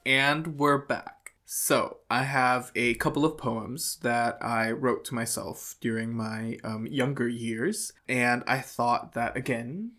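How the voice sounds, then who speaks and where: A woman's voice: extremely low pitch, takes it slowly, few pauses, fairly bright tone. A woman hosting a podcast, playful and teasing in casual chat. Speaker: podcast host.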